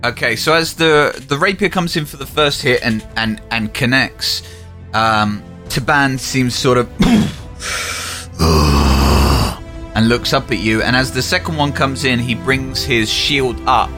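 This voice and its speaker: Bright-toned man playing a tabletop game. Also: medium pitch, takes it slowly, soft background music. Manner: thoughtful, describing his character's moves. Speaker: player. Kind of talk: casual play at a tabletop game.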